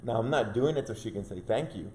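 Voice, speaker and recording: A man's voice: medium pitch, expressive, quick pace, darkish tone, echoey room, slight background noise. A man co-hosting a casual devotional chat, earnest and fond of rhetorical questions. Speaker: co-host.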